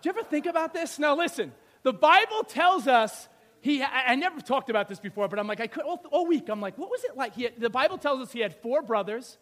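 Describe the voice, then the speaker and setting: Very high-voiced animated male preacher. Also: quick pace. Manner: animated, swings from shouts to hushed asides. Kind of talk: sermon.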